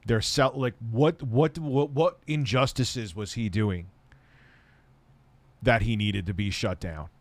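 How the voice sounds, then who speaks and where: A man's voice: on the low side, takes it slowly, no echo. A man answering viewer questions on a casual live stream, blunt and rambling, often heated and swearing.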